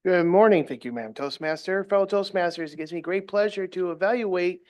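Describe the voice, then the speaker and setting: A man giving a speech evaluation at a club meeting, formal and measured. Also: high-pitched, a little mellow.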